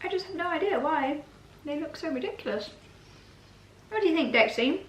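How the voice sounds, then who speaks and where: A woman's voice: high-pitched, animated, moderate pace, fairly bright tone, slight background noise. A woman vlogging casually in her home kitchen, chatty and self-mocking. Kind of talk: casual chat. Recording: roomy kitchen echo.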